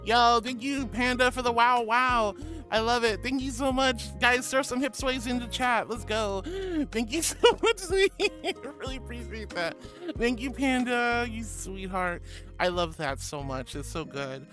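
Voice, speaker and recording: A man with a notably high voice greets his stream chat one by one, calling everyone sweetie and honey. He plays down every compliment in a goofy, self-deprecating way. Clear background music runs under his voice throughout. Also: a little slow. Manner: affectionate, calls viewers sweetie and honey. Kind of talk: livestream chat reading. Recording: loud music behind the voice.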